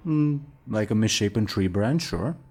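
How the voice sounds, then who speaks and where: A man running a tabletop role-playing game as game master, talking in a relaxed way with hesitant fillers. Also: on the low side, normal speed, creaky, slightly rough.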